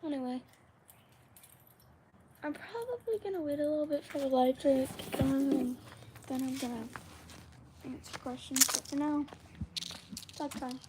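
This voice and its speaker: High-voiced woman rambling on a livestream. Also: measured pace, long pauses, background noise. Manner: rambling, talks to her viewers and drops into whispers. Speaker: livestream host. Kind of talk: casual live Q&A chat.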